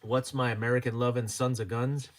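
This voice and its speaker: A man's voice: mid-range voice, level tone, a little fast. A man hosting a casual livestream, chatting and joking as he reads viewer comments aloud and laughs often. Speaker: livestream host.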